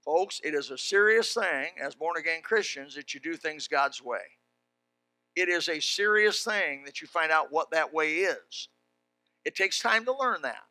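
An older preacher delivers a sermon, spinning homespun stories before rising into shouted exhortation. His voice sits high and cuts with a sharp, bright edge. The sound is dry and close, with no room around it. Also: lively intonation, a little slow, dry recording. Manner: folksy storytelling that builds to shouted preaching.

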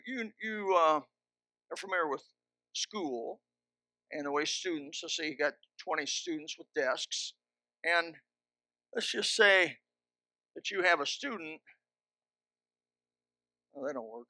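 A man's voice: on the high side, expressive, slow, pauses often, sharp tone, no echo. A man preaching a sermon in a church into a microphone, with emphatic, repeated commands and joking asides. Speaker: pastor. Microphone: handheld or stand microphone.

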